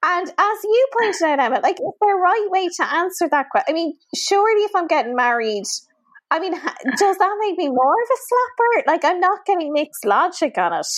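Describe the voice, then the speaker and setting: Lively high-voiced Irish woman. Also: moderate pace, no echo. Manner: animated, storytelling with lots of asides and laughs. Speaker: podcast co-host. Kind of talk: casual chat.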